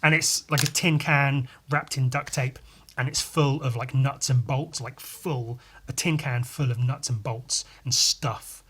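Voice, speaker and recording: A man's voice: medium pitch, steady tone, unhurried, a bit bright, slightly rough. A man hosting a podcast, chatting casually and rambling through a story with frequent restarts. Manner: rambling, many fillers and restarts. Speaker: podcast host, comic artist. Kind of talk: casual chat.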